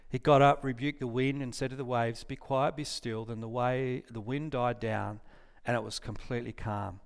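A man's voice: mid-range voice, steady tone, moderate pace, gravelly, clean tone. A man preaching a casual sermon, reading scripture aloud, often restarting and correcting himself and putting questions to his listeners. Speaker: pastor.

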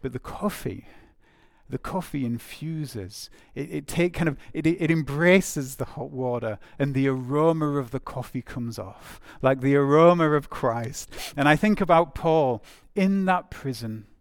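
A man's voice: fairly high pitch, a little slow, dry recording, studio quality. A man preaching a sermon in a conversational way, repeating phrases for emphasis with frequent fillers.

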